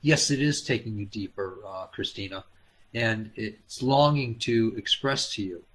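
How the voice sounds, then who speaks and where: A fairly low-voiced man leading a live-stream healing session. He speaks gently and haltingly, pausing often with fillers, and coaxes viewers by name. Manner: coaxing, addresses viewers by name and calls them hon. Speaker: spiritual healer hosting a live Q&A.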